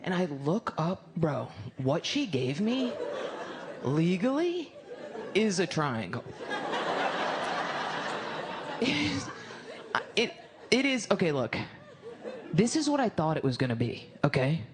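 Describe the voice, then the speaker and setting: A woman comedian on a club stage rambles through a crude story, cutting herself off and restarting. Her voice swings widely up and down. The live recording carries clear audience noise behind her. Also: fairly low pitch, very animated, slow pace, long pauses, a crowd in the background. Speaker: stand-up comedian. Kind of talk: stand-up routine.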